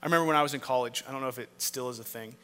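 Bright-voiced preacher in a reverberant hall. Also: male voice, medium pitch, racing, smooth. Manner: emphatic, rhetorical questions, swings from loud to hushed. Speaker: pastor. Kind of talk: sermon. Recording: long reverb of a large hall.

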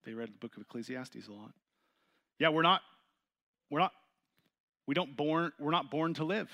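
Guy leading a bible study, reads verses then explains, gets louder on the big points. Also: lively intonation, moderate pace, creaky. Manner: reads scripture aloud, then explains it and asks the group questions; rises in pitch and volume when stressing points.

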